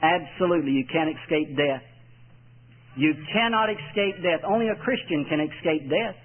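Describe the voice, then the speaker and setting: A man's voice: on the high side, moderate pace. A man from Texas, preaching a folksy evangelistic sermon and repeating his key lines for emphasis. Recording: tinny lo-fi old tape.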